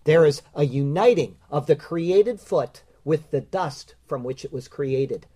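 A man preaching through Scripture in a measured, emphatic teaching voice, sitting a little higher than most men. He slows down to lean on quoted words and key phrases, stressing each point with deliberate weight. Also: darkish tone. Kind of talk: expository Bible teaching.

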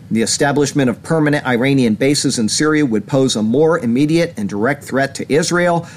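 A mid-pitched American man hosts a weekly prophecy update. He rambles and corrects himself often, filling pauses with "uh" and "um". A faint hiss sits under his voice. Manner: rambling, many fillers and self-corrections. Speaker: host of a weekly prophecy show. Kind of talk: casual scripted commentary, reading news.

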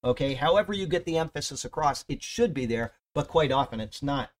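A man's voice: a little high, expressive, normal speed. Emphatic man teaching a Bible study. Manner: emphatic, conversational, often checks in with "okay?".

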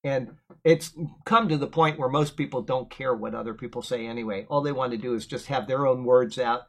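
A man teaching a Bible lesson, explaining words verse by verse and drifting into relaxed, chatty tangents. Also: mid-range voice, brisk, rough recording. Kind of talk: verse-by-verse Bible commentary with casual asides.

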